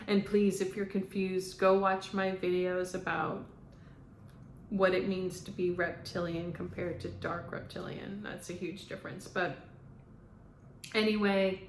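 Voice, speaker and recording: A woman speaking as a spiritual medium, relaying messages to viewers in a halting monologue full of "um"s. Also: fairly low pitch, level tone, a little hiss or hum. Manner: halting, frequent "um" fillers. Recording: echoey room.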